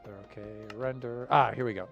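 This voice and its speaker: A man streaming a game live, talking in an easygoing, rambling way with lots of fillers and soft chuckles. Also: medium pitch, steady tone, fairly quick, gravelly, faint music behind.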